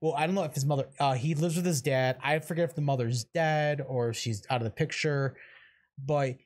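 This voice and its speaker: A man co-hosting a casual horror podcast, excitable, swearing freely and trailing off into fillers. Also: fairly high pitch, brisk. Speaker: podcast co-host. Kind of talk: casual chat.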